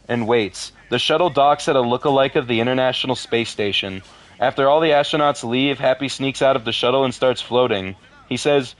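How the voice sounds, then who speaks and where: A man casually reading a horror story aloud for his video, breaking off for deadpan asides and the odd curse. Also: medium pitch, a little fast. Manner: deadpan asides, swears in frustration.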